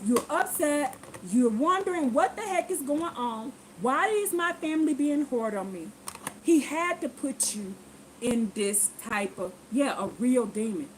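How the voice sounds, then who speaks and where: A woman vlogger telling a personal story to her viewers in a lively, preachy way, acting out what people said. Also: high-pitched, slight background noise, rough recording. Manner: animated, acts out quotes in voices; preachy, addresses viewers directly. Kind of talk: casual storytelling testimony.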